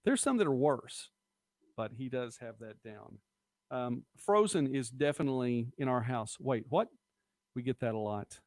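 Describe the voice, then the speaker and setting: A man's voice: mid-range voice, expressive, normal speed, a little mellow, dry recording. Middle-aged man, casual live-stream host, chatty and rambling, very dry close sound. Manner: chatty, rambling, quotes movie lines. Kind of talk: casual live-stream chat reading viewer comments.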